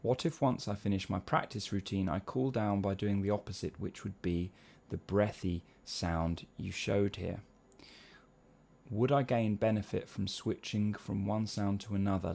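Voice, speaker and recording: A man's voice: lowish voice, steady tone, moderate pace, vocal fry, a little mellow. A man teaching singing, explaining vocal technique patiently and breaking into short sung syllable exercises. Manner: explains patiently, often checks in with "yeah?". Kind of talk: spoken vocal lesson with sung demonstrations.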